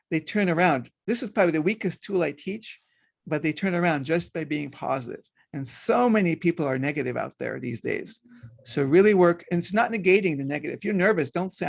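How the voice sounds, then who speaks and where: Gravelly-voiced man giving parenting advice. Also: on the high side. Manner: conversational, acts out quoted dialogue. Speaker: hypnotherapist giving parenting tips. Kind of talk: instructional talk.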